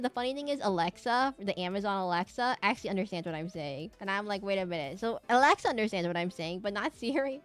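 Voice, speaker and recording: A woman streamer chatting casually while she draws, with a slight lisp and fast, tumbling speech full of restarts. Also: mid-range voice, fairly bright tone.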